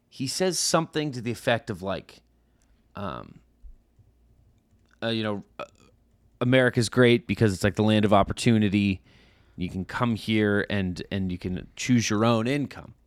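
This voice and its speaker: Clean studio sound with no room tone captures a smooth, lowish male voice. The man, in his thirties, is a podcast co-host and animated storyteller, telling a casual anecdote and acting out overheard voices of the people in it.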